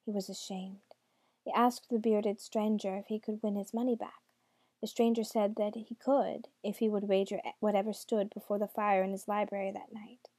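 A woman narrates a storybook in a mellow, dark-toned voice. She breaks off for wry asides to the listener. The sound is dry and close, with no room around it. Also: mid-range voice, dry recording.

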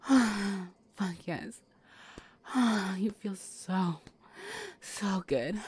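Breathy woman, slow whispered role-play. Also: mid-range voice, lively intonation. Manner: teasing, commanding, breathy whispers between moans. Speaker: audio role-play performer.

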